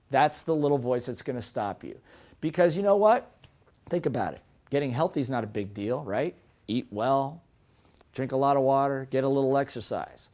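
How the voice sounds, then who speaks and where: Male motivational coach, slightly raised pitch, lively and emphatic with rhetorical questions. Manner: animated, swings between quiet and emphatic. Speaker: business coach. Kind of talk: motivational seminar lesson.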